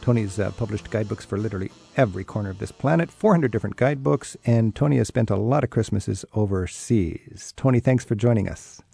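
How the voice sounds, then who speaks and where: A man's voice: on the low side, lively intonation, fast talker, vocal fry, hardly any pauses, warm tone, husky, faint music behind. A man hosting a radio interview, asking curious short questions. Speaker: radio host.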